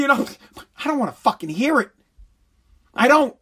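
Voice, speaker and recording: A man's voice: extremely high pitch, lively intonation, moderate pace, gravelly, long pauses, fairly bright tone, husky. A man delivering a blunt, heated, sarcastic opinion rant full of crude swearing.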